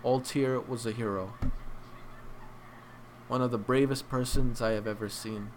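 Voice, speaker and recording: A young man hosting an anime review, choked up and crying, talking in a heartfelt, halting way with many restarts. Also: medium pitch, steady tone, slight background noise. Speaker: anime reaction channel host. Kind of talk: emotional casual review.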